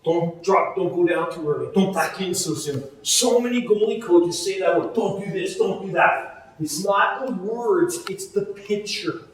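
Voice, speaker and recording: Male goalie coach, high voice, energetic drill cues, booming echo, far from mic. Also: measured pace, a little hiss or hum. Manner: energetic, repetitive cueing. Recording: very echoey, distant mic.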